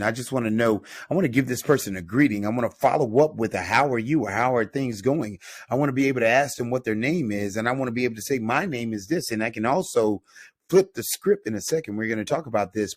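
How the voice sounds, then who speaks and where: A man from North Carolina teaching a beginner Spanish lesson, upbeat and repeating phrases slowly for learners. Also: medium pitch, no echo, studio quality. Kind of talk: classroom-style language lesson.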